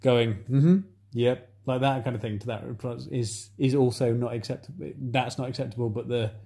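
A man in casual chat, talking in a flat, hesitant, self-reflective way with many pauses and fillers. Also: medium pitch, creaky.

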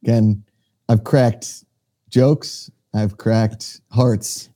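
A man co-hosting a comedy podcast, rambling through deadpan absurd bits in casual chat over a remote call. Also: on the low side, drawn-out words. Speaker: podcast co-host.

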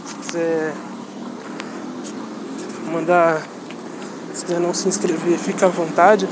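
A man's voice: fairly high pitch, little pitch movement, unhurried, pauses often. Laid-back Brazilian man, noisy background. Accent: Brazilian Portuguese. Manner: laid-back, rambling, profane teasing. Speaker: channel host. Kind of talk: casual outro to viewers.

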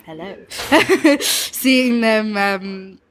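A woman's voice: mid-range voice, extremely slow. A young woman, a guest chatting casually on a podcast, laughing often and acting out quoted voices. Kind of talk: casual conversation.

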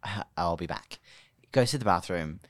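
An Australian woman, a podcast guest, telling an animated story in casual chat and laughing often. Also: very deep voice, normal speed.

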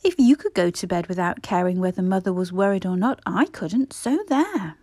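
A woman's voice: mid-range voice, normal speed, darkish tone, dry recording, lightly acted. A woman voicing Peter, a cheeky, quarrelsome young boy who teases and sulks, in a storybook reading. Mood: bickering. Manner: sulky, teasing.

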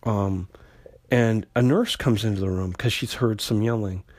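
Speaking a little slowly in a lowish, slightly mellow voice with no echo, this podcast host recaps an old comic. He keeps it conversational and rambling, with lots of fillers, restarts, and loose paraphrases of the characters.

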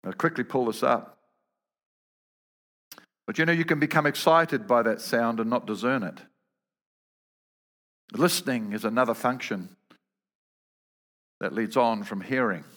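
A man's voice: mid-range voice, measured pace, long pauses, a bit bright, long reverb tail. A man preaching a sermon, telling humorous stories and often repeating words as he goes.

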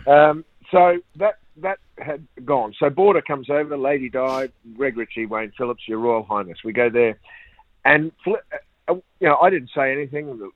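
An older Australian man, a former cricketer, telling lively anecdotes and laughing at his own stories. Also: a little high, normal speed, dry recording. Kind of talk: anecdotal storytelling. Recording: tinny phone-like line, dry.

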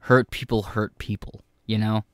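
A man's voice: fairly low pitch, little pitch movement, normal speed, background noise. A man streaming an angry, profane live reaction to news footage.

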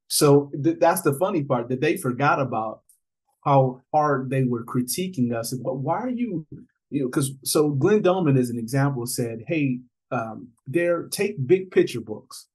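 This is a man in conversation as a podcast guest, telling stories with a lively, animated delivery. He laughs easily and slips into other people's voices when he quotes them. His pitch sits in the middle for a man. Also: moderate pace, husky, low-quality recording. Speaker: podcast guest, author and father. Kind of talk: conversational storytelling.

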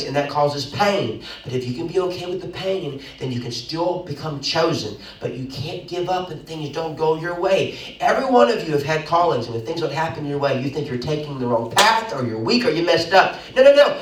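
A young man, the pastor, preaching an animated sermon with sudden loud bursts and quick asides, recorded in a church. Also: on the high side. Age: young adult. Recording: roomy echo, mic at a distance.

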